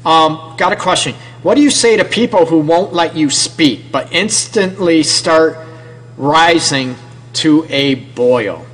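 A man's voice: on the high side, animated, takes it slowly, a bit bright, low-quality recording. A man with a Detroit accent hosts a relationship advice radio show, talking casually and straight to the listener, often tagging his points with "okay?". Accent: Detroit, American. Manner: casual, repeats "okay?" as a tag; talks directly to the listener. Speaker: radio show host and counselor.

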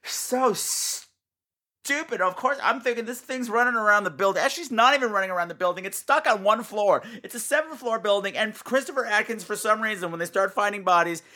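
Podcast host, a man ranting and riffing on a bad film, slightly high bright voice, sarcastic and excitable. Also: fast, few pauses. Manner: excitable, sarcastic, swearing, acts out scenes in squealing voices. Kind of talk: ranting movie review. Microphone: home mic turned up high.

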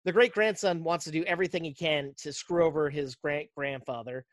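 A podcast host casually recapping a movie plot, telling it in an animated way and slipping into quick character voices. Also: medium pitch, dry recording, clean studio sound.

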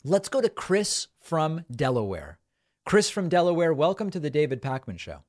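A man's voice: fairly high pitch, sing-song, a little mellow. A man hosting a call-in talk show, chatting with callers and taking asides. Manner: chatty, quick asides, laughs easily. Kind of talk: casual call-in chat.

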